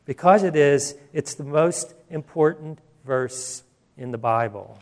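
A man's voice: a little high, a little slow, a little mellow. A male pastor preaching a sermon in an emphatic, conversational way, with asides and restarts.

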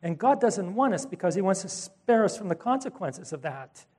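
A man's voice: high-pitched, moderate pace, breathy edge. A man preaching a sermon in a conversational way, retelling scripture with asides and acting out the voices in the story. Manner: animated storytelling, acts out quoted voices; conversational asides and self-corrections. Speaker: pastor.

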